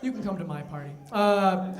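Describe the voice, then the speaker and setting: A young man performs a stand-up set in a conversational style, tossing off quick asides. His voice sits high, and the room around him rings with echo. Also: lively intonation, a crowd in the background. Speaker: stand-up comedian. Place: comedy venue with live audience.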